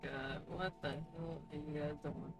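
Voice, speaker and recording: Over music, a woman speaks in a low, steady, unhurried voice. As a VTuber streaming a game, she chats casually with her audience, dropping plenty of profanity and frequent laughter.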